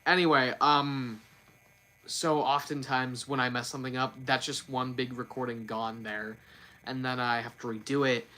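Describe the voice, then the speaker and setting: A man's voice: medium pitch, little pitch movement, moderate pace, pushed and bright. A man chatting casually on a livestream, rambling and correcting himself with lots of fillers. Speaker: streamer.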